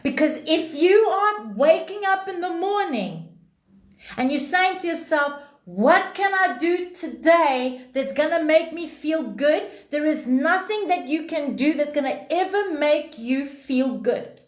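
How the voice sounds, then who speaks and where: Slow, emphatic woman spiritual teacher. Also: sits high, animated, echoey room. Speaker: spiritual teacher hosting a live stream. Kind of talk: live-stream spiritual talk answering chat.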